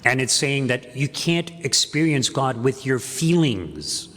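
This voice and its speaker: A man's voice: medium pitch, big pitch swings, measured pace, fairly bright tone. A man preaching a homily at Mass as pastor, earnest, with emphatic repeated phrases. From Canada. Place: church. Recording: echoey church with long reverb.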